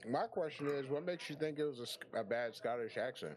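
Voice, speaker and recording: A man's voice: mid-range voice, animated, brisk. A man in a casual group chat, wry and questioning.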